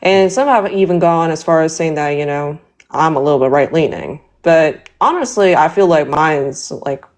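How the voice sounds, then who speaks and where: A woman's voice: sits low, moderate pace, hardly any pauses. A young woman speaking as a guest in a casual political debate, hesitant and full of fillers.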